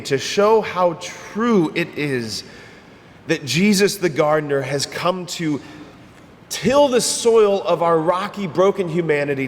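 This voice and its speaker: Conversational priest preaching in a reverberant church. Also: male voice, on the high side. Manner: conversational, emphatic, repeats phrases. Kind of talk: homily.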